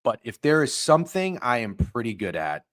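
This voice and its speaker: Brief: male live-stream sports host, swears freely, flips between muttering and shouting. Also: very animated, normal speed. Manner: profane, heated ranting with big pitch swings.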